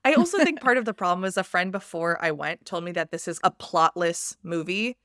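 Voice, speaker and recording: An American woman guesting on a podcast, telling her reactions in an emphatic, animated, casual way. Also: on the low side, a little fast, no room sound, clean studio sound. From United States.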